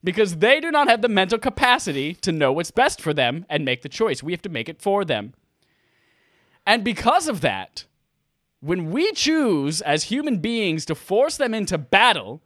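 A man's voice: high voice, fairly bright tone, no room sound, clean studio sound. A man arguing as a mock prosecutor in a comic courtroom bit, earnest and mock-formal, swearing now and then.

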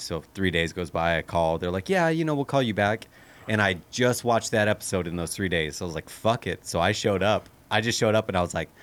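A man's voice: fairly low pitch, clear, resonant tone. A man telling a comic story in a casual chat, matter-of-fact and dry, swearing freely.

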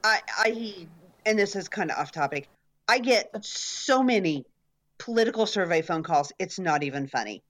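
A woman co-hosting a casual talk show, telling anecdotes in a lively, wry way. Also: fairly low pitch, moderate pace. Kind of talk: casual chat.

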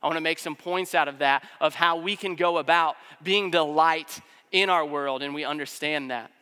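A man with a high, bright and smooth voice preaching a sermon. He talks in an easy, conversational way, with casual fillers throughout. His voice carries a long reverb from a large hall. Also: moderate pace.

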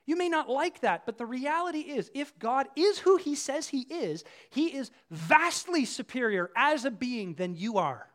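Man preaching conversationally, hushed to loud. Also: extremely high pitch, expressive, normal speed, few pauses. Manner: tells vivid everyday illustrations. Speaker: pastor. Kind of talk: sermon.

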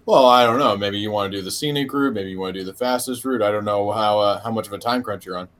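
A man plays a tabletop game in character with an easygoing, practical manner. He talks loosely, trailing into quick asides. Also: fairly low pitch, fairly bright tone. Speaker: player.

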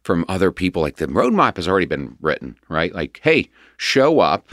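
A man with a fairly deep voice that rises and falls a lot as he talks. He tells his story openly and pokes fun at himself. The sound is dry and close, with no room around it. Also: fast, no room sound. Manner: animated, open and self-deprecating. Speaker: guest. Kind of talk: candid conversational storytelling.

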